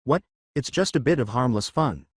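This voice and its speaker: A man's voice: mid-range voice, lively intonation, normal speed, slightly rough, dry recording, studio quality. A man voicing a flirty, teasing adult woman teacher in a fan story reading. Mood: sulky. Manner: sultry, teasing.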